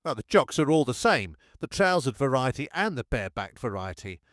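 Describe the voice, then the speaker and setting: A man's voice: medium pitch, sing-song, a little fast, fairly bright tone, dry recording, clean studio sound. A man voicing a blunt army adjutant in a wartime memoir reading, mocking and scornful.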